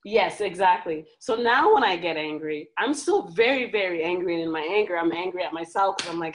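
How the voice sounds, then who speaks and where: A woman in a coaching group opens up about her own experience. She talks candidly, often stopping on fillers while she looks for the right words. Her voice sits low for a woman. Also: expressive, fairly quick, hardly any pauses, poor audio. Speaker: coaching client. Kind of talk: sharing a personal story.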